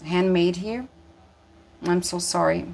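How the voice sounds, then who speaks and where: A woman's voice: fairly low pitch, fairly even intonation, slow pace, gravelly, darkish tone. A woman giving an intuitive tarot reading, speaking earnestly and emphatically, with many fillers and restarts, and audibly moved. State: emotional, moved. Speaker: tarot reader.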